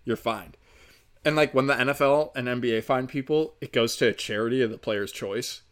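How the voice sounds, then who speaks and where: A man's voice: mid-range voice, fairly quick, fairly bright tone. A young man ranting angrily as a podcast host, swearing heavily and raising his voice in frustration. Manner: heated, profane, ranting. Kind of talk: angry opinion rant.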